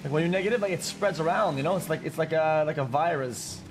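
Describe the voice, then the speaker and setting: A man role-playing in a game, rambling and deadpan with a trolling edge. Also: a little high, quick pace, background noise. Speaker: gamer role-playing a character. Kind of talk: casual role-play chat.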